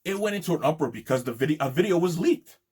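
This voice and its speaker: A man rants angrily into the camera, swearing constantly as his indignation builds. His voice is husky and slightly rough. He talks in a loose, heated monologue full of restarts. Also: on the high side, lively intonation, fast, a little mellow. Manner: profane, indignant ranting. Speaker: video host. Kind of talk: angry monologue.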